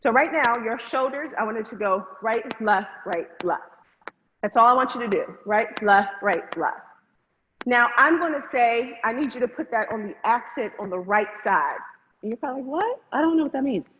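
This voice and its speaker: A woman's voice: on the high side, lively intonation, normal speed, fairly bright tone. A woman teaching an online hip hop dance class, upbeat and counting beats aloud. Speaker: dance instructor. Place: room, virtual class. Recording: echoey, dull lo-fi sound with faint noise.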